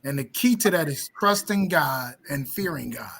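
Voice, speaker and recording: A man's voice: fairly high pitch, animated, moderate pace, gravelly, a crowd in the background. A man in his fifties, a pastor, talking earnestly and emphatically in a casual interview.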